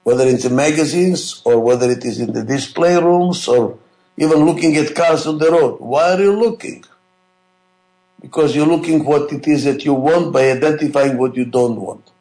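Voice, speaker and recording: Gravelly man lecturing emphatically. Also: a little high, moderate pace, warm tone, roomy sound, poor audio. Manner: emphatic, repetitive, asks rhetorical questions. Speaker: management lecturer. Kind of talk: classroom lecture.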